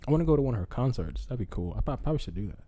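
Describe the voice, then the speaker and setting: Young male podcast co-host, rambling and giggly, with a mellow, dark tone and mid pitch. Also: big pitch swings, racing. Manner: rambling, giggly, acts out silly quoted voices. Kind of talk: casual chat.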